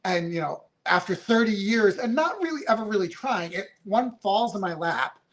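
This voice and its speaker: Male guest, fifties, high voice, chatty and heartfelt, rambling with fillers. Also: lively intonation, moderate pace, fairly bright tone. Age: 50s. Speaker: reality show contestant guest. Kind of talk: casual podcast interview.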